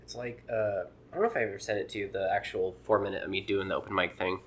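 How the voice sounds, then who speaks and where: A man's voice: sits low, quick pace, a little hiss or hum. A man in casual podcast chat, an amateur comedian who rambles and acts out voices when retelling jokes.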